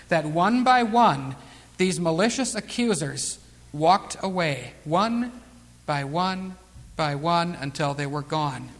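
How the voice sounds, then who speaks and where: High-pitched guy preaching a sermon, swings from loud and emphatic to hushed, long echo like a big hall.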